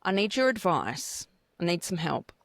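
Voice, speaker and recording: Lively Australian woman, animated storytelling. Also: fairly low pitch, normal speed, creaky, dry recording, clean studio sound. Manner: animated, blunt storytelling with swearing. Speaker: podcast co-host. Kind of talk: casual chat.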